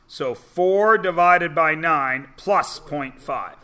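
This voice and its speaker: A man teaching a math class in a classroom, chatty and teasing, often checking in with quick questions. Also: fairly high pitch, sharp tone. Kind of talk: classroom lesson.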